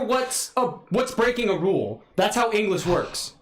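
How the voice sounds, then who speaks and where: A man co-hosting a casual chat, playful and teasing, swinging between loud and mumbled. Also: sits high, very animated, moderate pace, hardly any pauses, reverberant. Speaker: podcast co-host.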